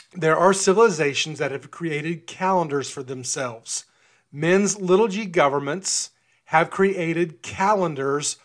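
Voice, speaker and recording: Conversational man preaching. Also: fairly high pitch. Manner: conversational, repeats words and restarts often. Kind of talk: informal sermon and Bible teaching.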